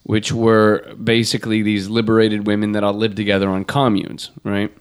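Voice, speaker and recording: A man's voice: lowish voice, completely flat delivery, normal speed, clean tone. A man co-hosting a comedy podcast, rambling and joking with lots of restarts. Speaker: podcast co-host.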